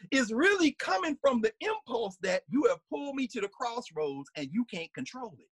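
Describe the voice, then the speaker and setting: Animated husky-voiced man lecturing. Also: very high voice, moderate pace, no echo. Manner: animated, sings snippets and acts out voices, laughs often. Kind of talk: conversational lecture.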